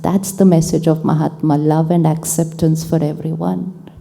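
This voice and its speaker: A woman giving a calm spiritual talk to an audience, repeating key phrases and acting out quoted dialogue. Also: sits low, normal speed, vocal fry. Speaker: spiritual teacher. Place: large hall with an audience. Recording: long hall reverb.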